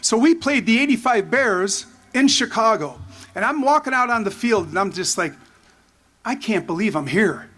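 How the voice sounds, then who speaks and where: A man in his fifties giving a rambling, excited tribute speech full of anecdotes and restarts. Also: high-pitched, moderate pace. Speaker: former player giving a tribute. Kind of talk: storytelling speech at a memorial.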